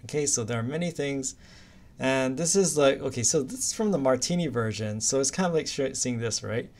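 An anatomy instructor from Hawaii chats his way casually through a recorded lecture, using silly stories to make details memorable. His medium-pitched voice is darkish and animated, moving a little fast.

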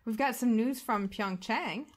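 A woman's voice: fairly high pitch, measured pace. A woman co-hosting a podcast, reading news items and chatting casually with frequent laughs. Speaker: podcast co-host. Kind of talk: casual chat, news rundown.

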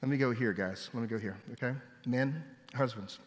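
A man preaching a sermon, telling stories with lively delivery and raising his voice when he quotes people. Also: mid-range voice, normal speed. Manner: animated storytelling, voice jumping up for quoted shouts. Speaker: pastor. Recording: long hall reverb.

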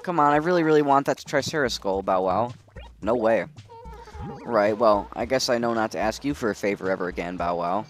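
A man's voice: on the low side, lively intonation, fairly quick, close to an everyday voice. A man reading the lines of a friendly but sulky female dog villager from a video game. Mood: pleading. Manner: pleading and sulky, read from game text.

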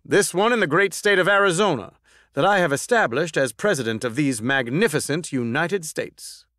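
A man's voice: fairly high pitch, animated, normal speed, sharp tone, no echo, studio quality. A man voicing a hearty, boisterous older president in a storybook podcast. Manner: boisterous, declamatory.

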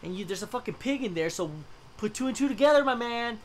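A woman gamer reacting out loud as she plays, swearing and ranting at the screen. Her pitch jumps all over the place, and her delivery is blunt and excitable. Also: fast, a little hiss or hum. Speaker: let's play gamer. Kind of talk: casual game commentary.

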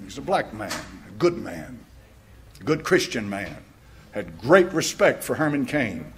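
A man's voice: mid-range voice, sing-song, unhurried, a little hiss or hum. An older American man, a pastor, preaching a sermon with stories and fervent questions. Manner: storytelling, rising to fervent questions, laughing at own stories.

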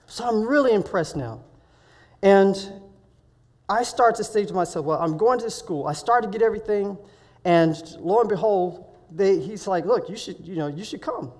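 A man speaking at a week of prayer, telling a personal story in a sermon and acting out the dialogue with lively swings of voice. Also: high voice, moderate pace. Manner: animated, acts out dialogue in his story. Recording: reverberant hall.

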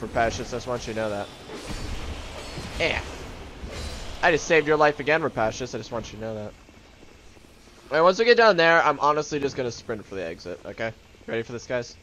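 A man's voice: medium pitch, fairly quick, long pauses, slight background noise. A man hosting a casual let's-play, joking and calling out to his teammates. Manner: animated, jokey, talks to teammates. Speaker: gaming video host.

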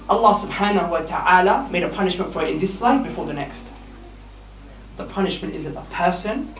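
Guy preaching loud and animated, laughs as he talks, far from the mic in a roomy mosque hall with a faint hiss. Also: high voice. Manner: emphatic, animated, often laughing mid-sentence. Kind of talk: lively evening sermon to young men.

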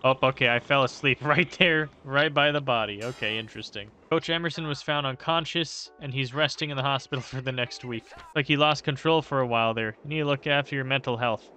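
A man's voice: medium pitch, brisk, few pauses, sharp tone, a little hiss or hum. A young man giving casual, joking let's-play commentary on a video game, swearing freely as he reacts to what happens on screen. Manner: profane, joking running commentary. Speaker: gaming YouTuber.

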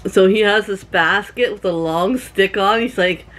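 A woman's voice: mid-range voice, measured pace, a bit bright. A middle-aged woman from Canada chatting to her camera at home, rambling through stories with laughs. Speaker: vlogger. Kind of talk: casual chat to camera.

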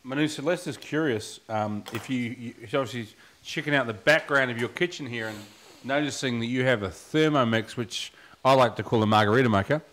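A man's voice: mid-range voice, a little fast, a bit bright, slight background noise. Man reading viewer questions.

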